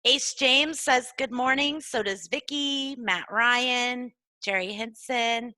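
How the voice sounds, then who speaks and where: A woman's voice: fairly high pitch, takes it slowly, sharp tone, no room sound. A woman hosting a live-streamed interview, asking questions and reading out viewer names. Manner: friendly, reads out viewer names, uses "um". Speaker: host.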